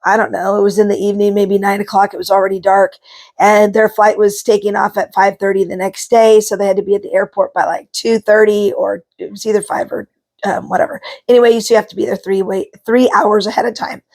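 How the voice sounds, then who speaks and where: A woman's voice: medium pitch, little pitch movement, fairly quick, a little mellow. A middle-aged woman talking casually to camera, chatty and rambling, with frequent ums and asides. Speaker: vlogger, psychic card reader.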